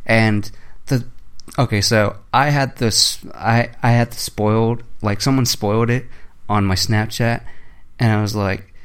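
Young man, low-pitched, lively and profane storyteller in casual chat. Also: unhurried, smooth.

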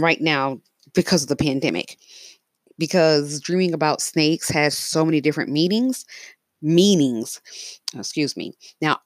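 A woman's voice: low-pitched, dry recording. A woman casually narrating her dreams, rambling with fillers and restarts. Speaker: storyteller.

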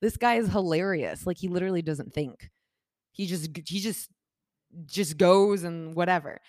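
Woman, casual storytelling, slightly low voice, dry close sound, animated, acts out quotes, lots of "like". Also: moderate pace, dry recording. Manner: animated, acts out quoted voices with big shifts in pitch and loudness; talks with many fillers like "like" and "I'm like". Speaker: guest telling a personal story.

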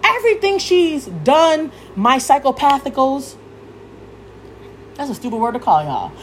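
Young woman, heated cursing rant, high voice, swings wildly up and down. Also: big pitch swings, unhurried, slight background noise. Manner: heated, cursing freely, yelling at times. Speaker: podcast host. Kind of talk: profane rant.

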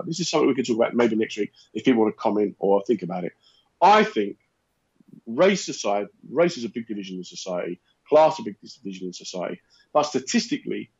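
A man's voice: mid-range voice, slightly rough. A man, a comedian and host, telling a stand-up anecdote in casual chat and acting out the voices in it. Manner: animated, acts out quoted voices in anecdotes. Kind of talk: casual comic storytelling. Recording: dull, slightly lo-fi podcast audio.

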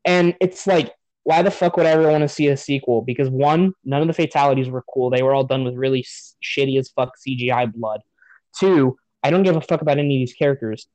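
A man's voice: mid-range voice, fast, darkish tone, no echo, rough recording. A man on a podcast giving a profane, sarcastic rant about a movie in casual chat. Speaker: podcast host.

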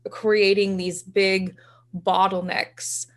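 A woman's voice: medium pitch, flat delivery, slow. A woman in her thirties co-hosting a podcast, chatting casually and laughing easily. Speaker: podcast co-host.

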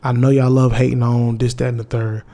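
A young man with a drawl talks straight to his viewers, loose and candid. He rambles and restarts often and mixes in slang, with a medium pitch that sits in the middle of the male range. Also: flat delivery, fairly quick, warm tone. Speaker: vlogger. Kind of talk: casual heartfelt monologue to viewers.

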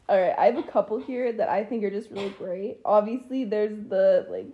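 A woman's voice: mid-range voice, moderate pace, lo-fi sound. A young woman in her twenties from Kentucky, co-hosting a podcast in chatty, candid talk with frequent laughter. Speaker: podcast co-host. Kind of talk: casual chat.

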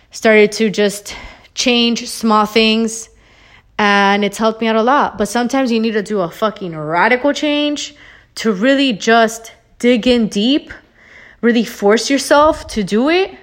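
A woman's voice: fairly high pitch, a little slow. A woman hosting her own podcast, ranting about wellness in a blunt, emphatic way, swearing freely and repeating her points, a little out of breath. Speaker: podcast host. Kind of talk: solo motivational rant.

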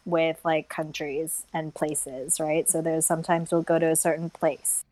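A young woman with an American accent talks in a loose, chatty way, full of fillers and laughter. Her voice sits on the low side, and the recording is dry and close. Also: flat delivery, unhurried, mellow, no room sound, low-quality recording. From United States. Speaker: guest, travel blogger. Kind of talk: casual chat.

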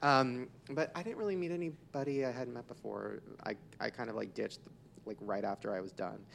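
A young man hosting a podcast, telling gossipy stories in an excitable, casual way with a lot of swearing. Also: mid-range voice, a little fast, gravelly, slight background noise. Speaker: podcast host.

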